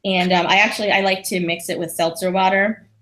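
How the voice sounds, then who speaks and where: A woman's voice: mid-range voice, steady tone, a little fast, fairly bright tone. A woman guest on a podcast, chatting casually and self-deprecatingly, with lots of restarts. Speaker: podcast guest, lawyer and comedian. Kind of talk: casual conversation.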